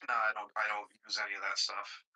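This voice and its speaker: A man's voice: lowish voice, monotone, fast talker, pushed and bright, rough recording. A man joining a crude, casual chat in an online room, teasing and offhand.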